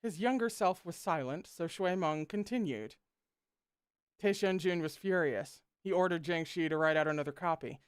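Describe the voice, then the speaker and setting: A read-along host reading a novel aloud with expressive delivery and joking asides. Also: medium pitch, normal speed, smooth, no room sound, clean studio sound.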